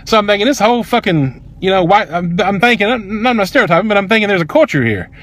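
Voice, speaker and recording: A man with a drawl tells a personal story in a vlog, talking fast and fired up. His voice sits a bit high for a man, and he speaks in a heated, profane, emphatic way. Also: expressive, a bit bright. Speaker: vlogger.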